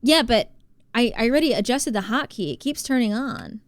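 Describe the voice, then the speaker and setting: Chatty, high-voiced woman streamer. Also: animated, no echo. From New Jersey. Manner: chatty, reads out and thanks chat, quick to exclaim. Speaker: live streamer. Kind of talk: casual live-stream chat while gaming.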